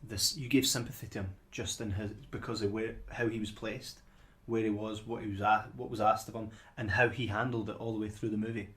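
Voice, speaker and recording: List: man, podcast co-host, low voice, casual film talk, rambling, repeats words. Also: level tone, fairly quick, few pauses, fairly bright tone. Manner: rambling, repeats words as he builds his point.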